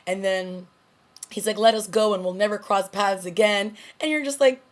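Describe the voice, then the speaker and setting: A woman's voice: medium pitch, normal speed. A woman hosting her own TV review channel, casually recapping an episode and quoting its characters with a laugh. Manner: chatty, recaps scenes with quoted lines and laughs. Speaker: TV review host.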